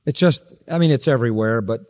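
Emphatic preacher in a reverberant hall. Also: male voice, mid-range voice, fast talker. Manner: emphatic preaching with sharp rises and soft drops. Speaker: pastor. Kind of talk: sermon.

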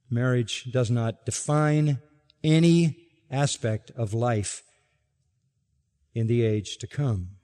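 A man preaching an expository sermon, emphatic, dropping to quiet asides and rising to loud, stressed quotations. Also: mid-range voice, long reverb tail. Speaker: pastor.

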